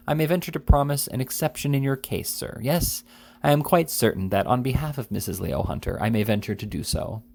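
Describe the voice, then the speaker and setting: A man reading the part of a grave, pompous gentleman who flatters his guest in formal speech full of "sir". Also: medium pitch, brisk, creaky, pitched above the performer's own voice. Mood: fawning.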